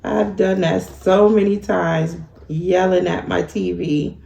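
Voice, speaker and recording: A woman's voice: lowish voice, fairly even intonation, slow, creaky, warm tone. A woman giving a chatty sewing tutorial to her viewers, laughing at herself as she works. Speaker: sewing instructor. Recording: echoey room with faint ambient noise.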